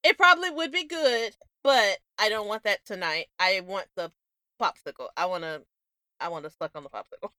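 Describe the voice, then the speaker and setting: A woman's voice: mid-range voice, brisk, pushed and bright, smooth, no room sound, clean studio sound. A Southern woman co-hosting a podcast in casual chat, giggly and chatty, with a Southern accent. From American South. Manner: giggly, chatty, laughs often. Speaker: podcast co-host.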